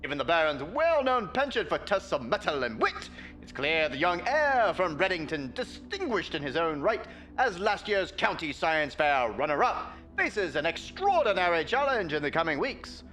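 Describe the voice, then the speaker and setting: A man's voice: a little high, sing-song, moderate pace, sharp tone, a little hiss or hum, pitched above the performer's own voice. A man doing an old-timey male newsreader voice, reading a newspaper article aloud in a grand, sing-song period manner. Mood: theatrical. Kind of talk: dramatic reading.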